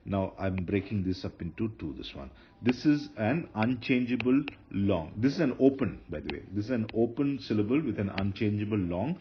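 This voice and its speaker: A man's voice: lowish voice, expressive, normal speed. A man teaching a grammar lesson, explaining step by step with fillers and self-corrections. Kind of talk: lecture. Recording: dull lo-fi lecture recording with faint noise.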